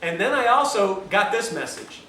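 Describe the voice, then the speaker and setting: A man giving a health lecture, telling a story with a lively, self-mocking manner to a room of listeners. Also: sits high, moderate pace. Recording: roomy, distant mic, faint hiss.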